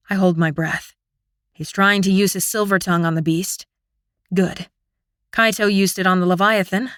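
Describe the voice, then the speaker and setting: Woman, audiobook narrator, expressive dramatic reading, medium pitch, dry close recording. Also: dry recording. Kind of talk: first-person audiobook narration.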